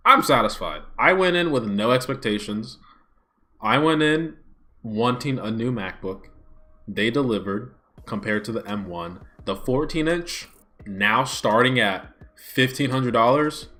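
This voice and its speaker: Male streamer reacting live, smartphone mic, animated lively pitch, unhurried delivery, swings from hyped shouts to grumbles. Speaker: streamer hosting a live watch party.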